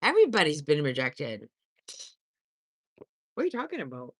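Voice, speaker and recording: A woman's voice: sits low, huge pitch swings, normal speed, breathy edge, no room sound, studio quality. A woman in her fifties hosting a casual livestream, reading and answering viewer comments in a blunt, sassy way full of swearing. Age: 50s. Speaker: livestream host.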